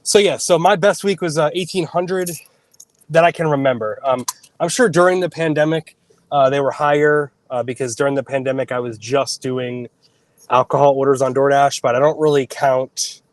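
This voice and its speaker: A man working as a delivery driver, chatting casually on a livestream in a halting, hesitant way. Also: medium pitch, dry recording. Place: out on delivery runs.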